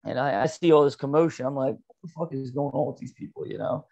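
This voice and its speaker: A man's voice: mid-range voice, quick pace, creaky, darkish tone. A man co-hosting a podcast, telling a rambling, profane story in casual chat and laughing often. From Philadelphia area. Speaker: podcast co-host. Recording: dull lo-fi podcast audio.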